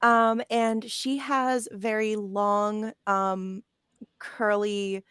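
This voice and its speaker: A woman's voice: medium pitch, flat delivery, drawn-out words, fairly bright tone, clear, resonant tone, no echo, studio quality. A woman playing a tabletop game who describes her character hesitantly, with many fillers. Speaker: player.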